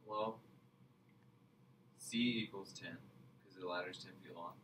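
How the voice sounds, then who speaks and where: A male student in a classroom answering quietly and making wry remarks, far from the microphone. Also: low voice, fairly even intonation, unhurried.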